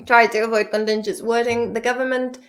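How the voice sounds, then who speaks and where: A woman's voice: fairly high pitch, little pitch movement, fairly quick. A woman teaching vocabulary in a casual, playful study-along lesson, chatting and swearing at the dictionary as she goes.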